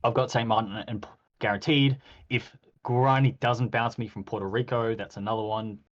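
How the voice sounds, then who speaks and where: A man in a casual chat, recounting a game in an animated way, acting out quoted exchanges with plenty of ums. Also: mid-range voice, a little fast, highs cut off. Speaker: podcast host reviewing a game.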